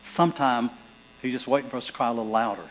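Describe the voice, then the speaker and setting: A male pastor preaching a sermon, reading scripture aloud and building to fervent, loud passages. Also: mid-range voice, fairly even intonation, fast talker, low-quality recording.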